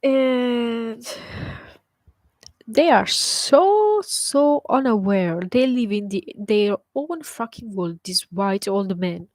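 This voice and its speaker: A young adult woman hosts a solo podcast from a bedroom with an open window, ranting bluntly and scornfully with heavy swearing and emphatic repetition. Her mid-range voice is dark and slow, with hardly any pauses, and the recording is dry and rough.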